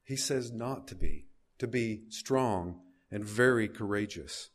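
Man preaching, low voice. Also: takes it slowly. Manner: reads scripture aloud with rising emphasis, asks the congregation questions. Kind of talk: sermon.

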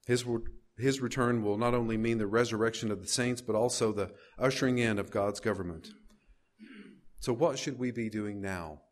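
A man's voice: fairly low pitch, moderate pace. A man preaching a sermon, reading scripture aloud and putting questions to his listeners. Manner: reads scripture aloud with rising emphasis, asks the congregation questions.

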